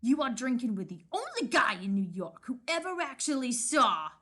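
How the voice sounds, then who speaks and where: A woman co-hosting a casual read-aloud of a novel, animated and chatty with lots of banter. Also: a little high, normal speed. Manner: animated, giggly, many restarts. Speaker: book reading co-host.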